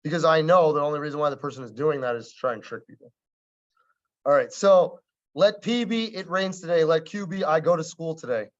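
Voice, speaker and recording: A man teaches a math class on logic in a relaxed, conversational way, with wry asides and frequent checks that students follow along. His voice sits a little high for a man. The recording is dull and lo-fi, as if captured in a classroom. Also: fairly quick. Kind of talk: classroom lecture.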